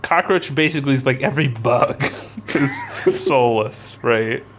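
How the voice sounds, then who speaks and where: A man co-hosting a casual podcast chat, animated and laughing, slipping into silly voices. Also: medium pitch, a little slow. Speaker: podcast co-host.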